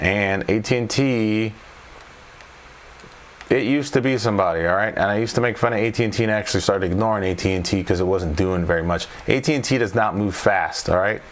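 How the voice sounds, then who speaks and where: A man's voice: lowish voice, slight background noise. A trading coach talking through stock charts off the cuff, thinking aloud and checking in with his viewers after every point. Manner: thinks aloud, repeats tag questions. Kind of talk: unscripted chart walkthrough.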